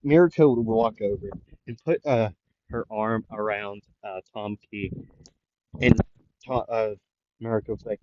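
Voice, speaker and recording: Slow, rambling male storyteller. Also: on the low side, muffled recording, slight background noise. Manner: hesitant, rambling, many fillers. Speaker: fan-fiction storyteller. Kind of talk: improvised story narration.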